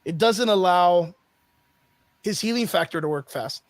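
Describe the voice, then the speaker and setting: A man with a fairly high voice tells a story in an animated, profane, filler-heavy way. He speaks as a podcast guest into a close mic. The sound is dry. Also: unhurried, no echo. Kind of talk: casual chat.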